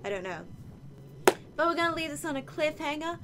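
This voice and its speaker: A woman casually commentating her gameplay, excitable and playful, whooping and using slang. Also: high voice, brisk, heavy background noise. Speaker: let's play gamer.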